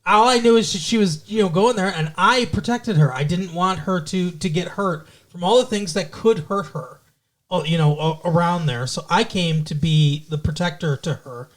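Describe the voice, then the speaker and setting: A man's voice: high-pitched, moderate pace, close to an everyday voice. A man voicing a defiant young male vampire in a casual, offhand retelling, barely changing his own voice. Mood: defensive.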